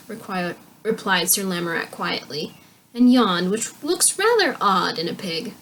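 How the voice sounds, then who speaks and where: A young woman reading a children's book aloud as a storyteller, with clear, expressive narration. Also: mid-range voice, measured pace, slight background noise.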